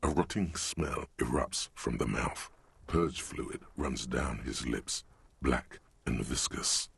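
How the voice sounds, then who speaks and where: Solemn video-game narrator, deep, slow, gravelly. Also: male voice, dry recording, full character voice. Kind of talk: scripted dramatic narration.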